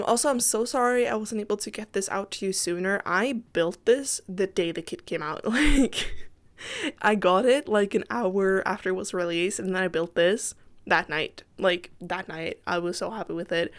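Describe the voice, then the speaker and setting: A tired woman rambling in casual voice-over chat over a game build, apologetic and giggling often, talking from her PC at home. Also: medium pitch. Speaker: Sims builder and YouTuber.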